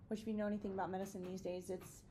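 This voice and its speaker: A woman's voice: mid-range voice, level tone, quick pace, dark tone. Cheerful woman nurse telling a story. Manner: cheerful, self-deprecating humor. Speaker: nurse and podcast co-host. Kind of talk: casual conversational storytelling. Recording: faint background noise and ambience.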